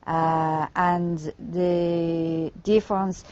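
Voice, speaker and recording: An older woman answers interview questions in short, clipped phrases, leaving out small words. Her voice sits lowish, and the old broadcast clip sounds dull and lo-fi. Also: level tone, drawn-out words, darkish tone, no echo.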